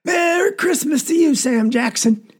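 A woman voicing a jovial, big-hearted rural father with a Southern drawl who shouts out cheerful greetings. His voice is gravelly, husky and mellow. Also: medium pitch, animated, moderate pace. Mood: jubilant. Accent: Southern American.

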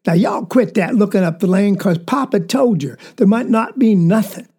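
Woman doing a Southern farm mama, scolding, calling out, husky gravelly voice. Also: medium pitch, moderate pace, warm tone. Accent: Southern American. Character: rural mother scolding her children.

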